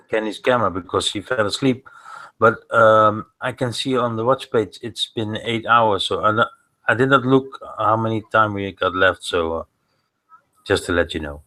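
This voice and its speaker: A man hosts a live video call, making casual announcements with plenty of fillers. His voice is low-pitched yet bright and forceful. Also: normal speed, poor audio. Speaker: host.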